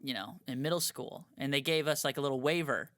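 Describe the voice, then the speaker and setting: A man's voice: medium pitch, a little fast, a bit bright, no room sound, clean studio sound. A man co-hosting a comedy podcast, telling stories in casual chat with lots of fillers. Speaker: podcast co-host.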